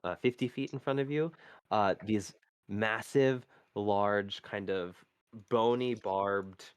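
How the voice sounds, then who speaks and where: A man narrating a tabletop game as game master on a live stream, halting and searching for words as he describes the scene. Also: on the low side, smooth, no room sound.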